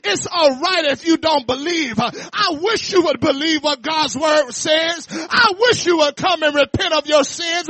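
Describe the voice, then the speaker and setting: A man preaching in church with a very high, bright voice and an unhurried delivery. He peppers his sermon with "amen" and questions to the congregation, building up to impassioned shouts. The sound is dry and close. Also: no echo. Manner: fervent preaching, sprinkled with "amen" and questions to the crowd. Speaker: pastor.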